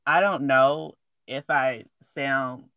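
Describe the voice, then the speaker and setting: A woman from Arkansas with a Southern accent, chatting casually in a slow, easy cadence. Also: rumbling low, no echo, highs cut off. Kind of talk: casual chat.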